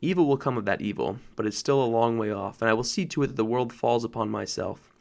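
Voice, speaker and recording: Aslan, a man voicing a grave, gravelly lion. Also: close to an everyday voice. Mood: solemn. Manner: slow, grave, low and deep. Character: great lion, deep-voiced, solemn and kingly. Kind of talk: audiobook narration.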